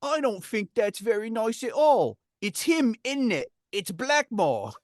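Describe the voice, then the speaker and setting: A man's voice: extremely high pitch, sing-song, measured pace, darkish tone, voice pushed up, exaggerated voice. A man voicing a hurt, sulking young male singer, in a plaintive whine. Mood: wounded. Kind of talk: reading a quote aloud in an accent.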